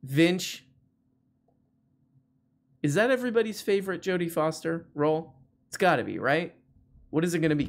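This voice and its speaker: Gravelly and medium-pitched, this host jokes and rambles through his casual call-in livestream, leaning heavily on fillers.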